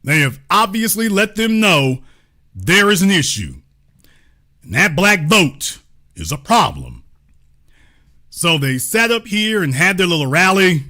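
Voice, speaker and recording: A man's voice: sits high, big pitch swings, a little slow, pauses often, bright, forceful tone. A man hosting a political commentary show, speaking in a grandiose, sarcastic, preacher-like manner. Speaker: host.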